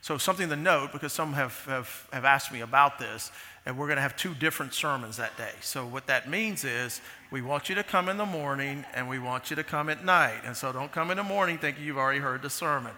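Bright-voiced male pastor preaching in a reverberant church. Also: medium pitch, a little fast, slight background noise. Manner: conversational with many restarts and fillers. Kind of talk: sermon. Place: large church sanctuary.

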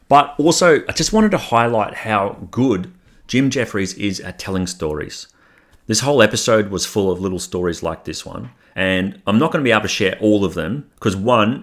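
A man hosting his own podcast, introducing clips in a relaxed, conversational way with frequent ums. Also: fairly low pitch. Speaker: podcast host. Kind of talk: casual podcast narration.

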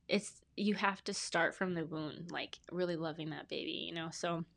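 A woman's voice: on the low side, fairly even intonation, normal speed, gravelly, a bit bright. A woman in her thirties, a podcast guest telling her story in a talkative, rambling, earnest way. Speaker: podcast guest, brand specialist. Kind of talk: casual interview storytelling.

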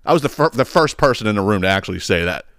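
A man's voice: lowish voice, lively intonation, very fast, a bit bright, clear, resonant tone, no room sound, studio quality. A man hosting a podcast, telling a story as a profane, exasperated rant that rambles and repeats words. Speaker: podcast host.

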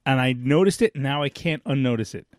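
A man's voice: medium pitch, fast talker, no echo, studio quality. Rambling jokey man on a podcast. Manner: rambling, jokey, breaks off to scold his kid. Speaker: podcast co-host. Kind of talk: casual podcast chat.

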